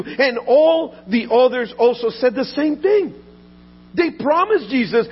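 A man preaching a sermon earnestly, often restarting and repeating words, and dropping soft and low in the painful parts. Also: expressive, normal speed, slightly rough. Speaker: pastor. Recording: dull lo-fi audio with faint mains hum.

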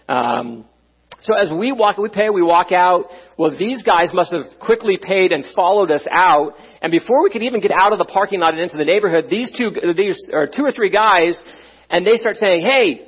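High-voiced husky man preaching. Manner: conversational, frequent "right?" asides. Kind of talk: sermon with personal story. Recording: dull, muffled sound.

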